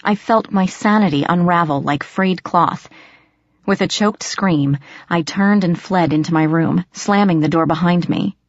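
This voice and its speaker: Low-voiced woman reading an audiobook. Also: unhurried, no room sound. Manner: expressive, storytelling. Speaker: audiobook narrator. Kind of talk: first-person audiobook narration. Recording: dry, slightly dull audio.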